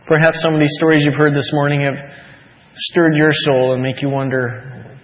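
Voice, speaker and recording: A man preaching to his congregation in a coaxing, conversational way, voice sitting slightly high. His sermon rings out with long reverb through a church sanctuary. The recording is dull and lo-fi. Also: level tone, brisk, a bit bright. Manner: conversational, coaxing, rhetorical questions. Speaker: pastor.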